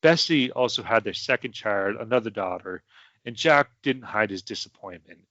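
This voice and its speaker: A man's voice: lowish voice, animated, moderate pace, fairly bright tone, no room sound. A young man, a podcast host, telling history in a rambling casual way with many fillers and asides. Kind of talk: casual storytelling chat. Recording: dry, muffled home podcast mic.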